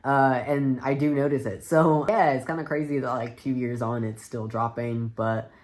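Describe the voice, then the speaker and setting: A young man vlogging a casual to-camera update, relaxed and chatty with plenty of fillers. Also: medium pitch, moderate pace.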